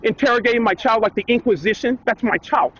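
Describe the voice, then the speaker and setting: Man, high pitch, defiant and insistent, muffled lo-fi street clip. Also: fast talker, a bit bright, breathy edge. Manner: defiant, insistent, repeating phrases. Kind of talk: heated confrontation caught on camera. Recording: dull, lo-fi clip with faint background noise.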